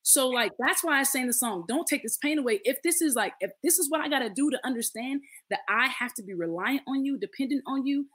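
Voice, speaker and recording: A woman's voice: sits high, expressive, brisk, few pauses, a bit bright. A woman in her late thirties, a podcast guest, telling a personal story in casual conversation, earnest and acting out the voices of others. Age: late 30s.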